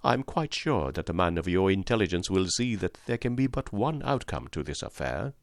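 A man reading an audiobook, voicing a soft-spoken older criminal mastermind with precise, courteous and quietly threatening speech. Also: low-pitched, sing-song, fairly quick, dry recording, studio quality. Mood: coolly menacing.

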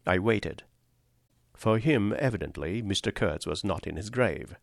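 A man narrating a literary novel in a measured, grave, deliberate way. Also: on the low side, expressive, vocal fry, no echo, clean studio sound. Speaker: audiobook narrator.

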